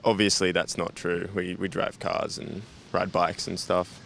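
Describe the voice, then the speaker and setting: A man's voice: sits low, level tone, a little slow, vocal fry, a bit bright, faint music behind. A man from Australia telling a story in a laid-back way during a street interview.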